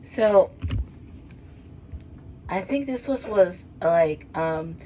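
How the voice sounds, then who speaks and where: A woman's voice: on the low side, animated, drawn-out words, mellow, a little hiss or hum, poor audio. A woman in her twenties casually reading her old writing, rambling and self-mocking with lots of fillers. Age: 20s. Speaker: vlogger.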